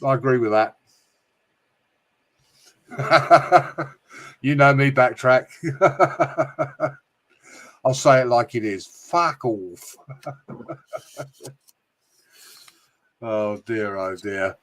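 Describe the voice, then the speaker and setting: A man's voice: medium pitch, moderate pace, fairly bright tone. A British man hosting a casual livestream, greeting chat viewers and joking with frequent swearing and laughter. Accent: British English. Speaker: livestream host reading chat.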